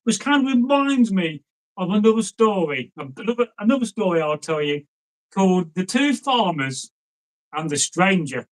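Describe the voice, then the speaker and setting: A man's voice: high-pitched, sing-song, normal speed, low-quality recording. A man telling a folk tale in a rambling, chatty way with asides and fillers. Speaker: storyteller.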